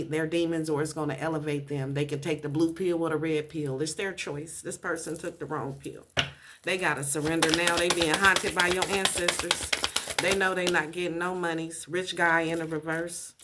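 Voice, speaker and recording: A woman's voice: low voice, steady tone, moderate pace, very noisy. A woman giving a casual tarot reading, blunt and profane, repeating her points for emphasis. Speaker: tarot reader.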